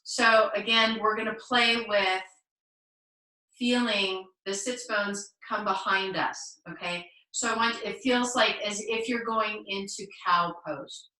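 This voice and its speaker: A woman teaching a live online yoga class, cueing poses gently and encouragingly with playful asides. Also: mid-range voice, echoey room, recorded from a distance, rough recording. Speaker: yoga instructor. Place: home room, on a video call.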